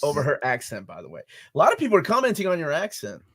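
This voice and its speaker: A man hosts a relaxed video-call interview, chatting easily and reading out viewer comments. His voice sits a little higher than most men's, and his delivery stays laid-back throughout. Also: rapid-fire, breathy edge. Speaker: interview show host.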